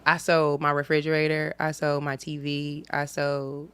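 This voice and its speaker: A woman's voice: sits low, completely flat delivery, moderate pace, a bit bright, clear, resonant tone, dry recording. A woman comedian telling a personal story in casual studio chat, acting out the dialogue. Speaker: guest comedian.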